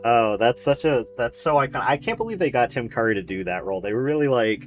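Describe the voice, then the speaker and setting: A man's voice: medium pitch, lively intonation, fast talker, lo-fi sound, soft background music. A man streaming a video game, rambling and joking with casual commentary, swearing and laughing often. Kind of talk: casual let's-play commentary.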